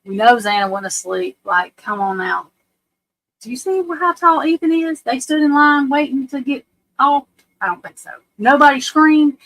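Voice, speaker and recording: A woman hosting a live stream, giving casual true crime commentary in a blunt, profane, animated way and often laughing. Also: on the high side, rough recording. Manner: laughs often while telling stories. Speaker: livestream host. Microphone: webcam or desk mic on a live stream.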